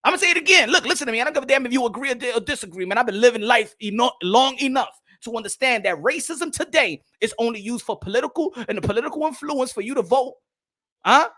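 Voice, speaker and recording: A man's voice: very high voice, bright, forceful tone. A man, hosting a boxing show and ranting in a profane, slangy way that keeps repeating itself. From New York. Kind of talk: heated livestream rant.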